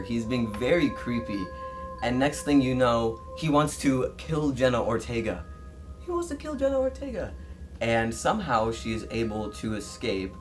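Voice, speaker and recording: A man recounting a strange dream in a relaxed, chatty way. He sits at an everyday middle pitch and gets animated when he acts out what he said, with soft music in the background. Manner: animated, acts out his own quoted lines. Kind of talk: casual storytelling.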